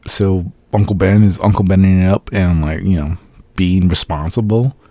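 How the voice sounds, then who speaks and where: A man with a low, mellow voice talks through a film review in a loose, profane, sarcastic way. He keeps slipping into mocking impressions of the characters. The sound is dry and close. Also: fairly even intonation, no echo. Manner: profane, sarcastic, mimics characters in quick asides. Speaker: podcast host reviewing a film. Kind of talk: casual solo review.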